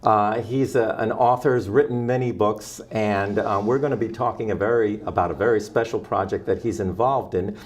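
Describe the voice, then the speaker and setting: A man hosting a community TV music show, introducing guests with halting restarts. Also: lowish voice. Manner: halting, many restarts and fillers. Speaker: host. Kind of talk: casual interview. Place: community access TV studio.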